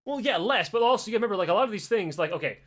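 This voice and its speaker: A male podcast host spins a casual story with lots of swearing. His voice sits high and leaps around in pitch as he goes. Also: racing. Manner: animated, heavy swearing, acts out voices.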